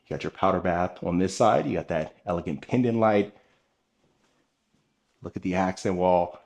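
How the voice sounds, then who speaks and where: A man's voice: deep voice, moderate pace, gravelly, a little mellow. Upbeat man touring a house. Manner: enthusiastic, addresses viewers directly. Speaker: home tour vlogger. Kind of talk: walkthrough home tour narration. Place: inside a large furnished house.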